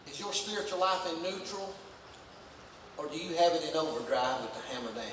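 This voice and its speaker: High-voiced preacher in an echoey hall. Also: male voice, fairly quick, a little hiss or hum. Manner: folksy, emphatic preaching with rising shouts. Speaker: pastor. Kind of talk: sermon. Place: church sanctuary. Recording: echoey church hall from far off.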